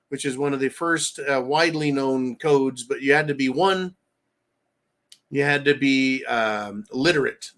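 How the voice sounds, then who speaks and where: An American man hosting a live stream, ranting loudly with crude insults between reading out donations. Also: mid-range voice. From United States.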